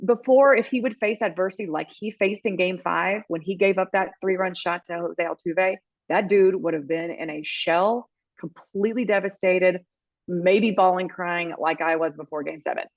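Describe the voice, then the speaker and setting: A middle-aged woman talks in a casual podcast chat, rambling and emotional, with restarts. Her voice sits a little low for a woman. The sound is dry and a bit dull. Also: moderate pace, dry recording. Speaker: podcast co-host and baseball team reporter.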